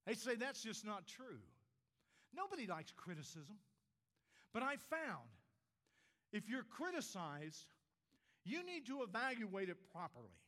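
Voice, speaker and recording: Older preacher man, fairly high voice. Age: 60s. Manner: swings between emphatic rises and quiet, low drops on key words. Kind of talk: sermon. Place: church.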